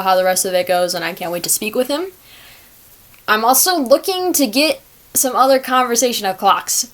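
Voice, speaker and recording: A woman's voice: medium pitch, fairly bright tone. Chatty young woman hosting a podcast. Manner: chatty, rambling, self-talking asides. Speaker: podcast host. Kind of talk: casual solo podcast chat.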